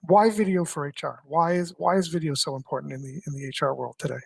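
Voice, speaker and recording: A man's voice: on the high side, steady tone, quick pace, gravelly, husky, no echo, low-quality recording. A man presenting a webinar session, with an upbeat welcome before he moves into his questions.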